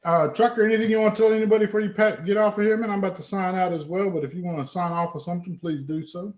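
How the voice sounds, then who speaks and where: A man's voice: high voice, fairly even intonation, racing, dull audio. Laid-back man in an echoey room. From Texas. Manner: laid-back, profane, laughs often. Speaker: livestream host. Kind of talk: casual late-night chat.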